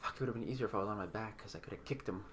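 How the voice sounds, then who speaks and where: A man's voice: fairly low pitch, rapid-fire, a crowd in the background. A man playing a tabletop game as a player, talking casually, asking questions and swearing now and then.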